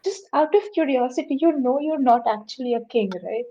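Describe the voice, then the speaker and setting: A woman's voice: sits high, a little fast, noisy background, close to an everyday voice. A woman voicing a sarcastic, fed-up teen hero. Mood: exasperated. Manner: dry, sarcastic. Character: exasperated teen superhero, sharp-tongued. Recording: slightly muffled lo-fi mic.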